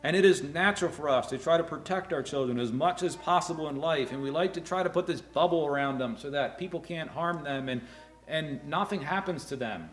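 A middle-aged man preaching a sermon to fathers, earnest, rising loud on key words and dropping low. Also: fairly quick. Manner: earnest, rises loud for emphasis then drops low. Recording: echoey room.

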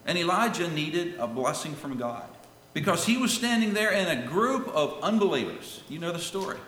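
A man preaching a sermon, swinging from loud calls to hushed lines, and reading scripture in old-fashioned wording. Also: fairly high pitch, slight background noise. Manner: reads scripture in King James wording. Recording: echoey hall with long reverb.

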